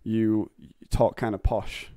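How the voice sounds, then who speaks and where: A man's voice: lowish voice, flat delivery, dark tone, no room sound, studio quality. A man with a Northern English accent hosting a casual podcast chat, joking and restarting his words often. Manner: jokey, quick restarts and repeated words. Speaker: podcast host.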